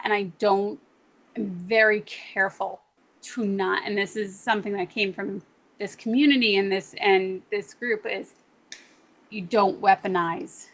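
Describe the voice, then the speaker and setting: A woman's voice: medium pitch, fairly bright tone, rough recording. A woman in a casual group discussion, speaking earnestly about a personal change.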